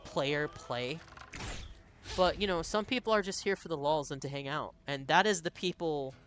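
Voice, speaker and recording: A man's voice: on the high side, moderate pace, a bit bright, a little hiss or hum. A man streaming a video game, chatting casually, laughing often and reading viewer messages aloud. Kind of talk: casual live-stream chat over gameplay.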